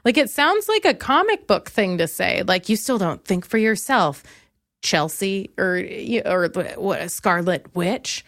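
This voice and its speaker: A young woman hosting a comedy podcast, telling a story with sarcastic, animated asides. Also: mid-range voice, measured pace, dry recording, studio quality. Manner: sarcastic, animated, quotes others in mocking voices. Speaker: podcast host.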